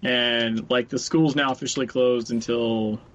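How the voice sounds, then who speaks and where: A man chatting casually as a podcast co-host, blunt and quick to swear and laugh, a bit sick with a swollen throat. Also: medium pitch, steady tone, fairly bright tone. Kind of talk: casual chat. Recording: dull lo-fi recording.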